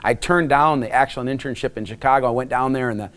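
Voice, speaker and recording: A man's voice: medium pitch, fast, fairly bright tone. Man telling a rambling story. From Wisconsin, USA. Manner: rambling anecdotes with frequent restarts and acted quotes. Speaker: interviewee. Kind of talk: casual storytelling.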